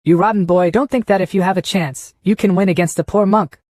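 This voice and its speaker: A man's voice: a little high, brisk, darkish tone, dry recording, studio quality, close to an everyday voice. A man voicing a scheming, boastful old male monk who talks in a mocking, gloating way.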